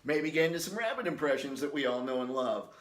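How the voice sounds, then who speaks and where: A man's voice: mid-range voice, expressive, fast talker, reverberant, background noise. A man hosting his company's video series, talking straight to camera in a goofy, shameless way. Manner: goofy, shameless, breaks into silly voices. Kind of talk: jokey direct-to-camera talk with impressions.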